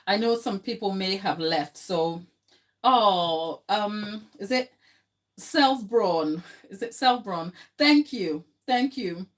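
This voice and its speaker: A young woman talks slowly and unhurriedly while frosting cupcakes on a livestream. She is chatty and emotional, laughs often and talks straight to her viewers. She sounds a little tired. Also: mid-range voice, expressive. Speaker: baker hosting a livestream. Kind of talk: live baking tutorial chat.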